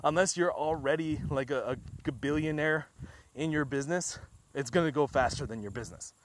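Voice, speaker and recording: A man delivering an enthusiastic sales pitch for a trading group, emphatic, repeating his points and firing off rhetorical questions. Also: moderate pace, a little hiss or hum. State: a little out of breath.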